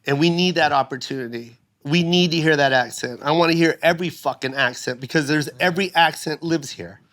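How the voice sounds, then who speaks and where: A man in his fifties swaps stories on a casual podcast, cursing freely and pressing each point hard. His voice sits a little high for a man and sounds bright and forceful. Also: fairly quick. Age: 50s. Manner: animated, profane, emphatic. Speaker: guest comedian.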